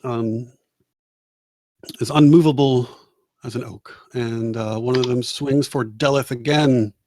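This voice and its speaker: A man's voice: medium pitch, fairly even intonation, takes it slowly, mellow. A man narrating a tabletop game as game master, casual and laughing, with many fillers and restarts.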